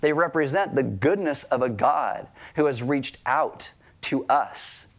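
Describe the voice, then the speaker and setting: A man's voice: mid-range voice, animated, a little slow, a bit bright. A married man preaching a sermon to a church congregation, talking casually, asking the crowd questions and joking lightly. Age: adult, married. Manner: conversational, asks the crowd questions and jokes lightly. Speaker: pastor. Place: church service before a congregation.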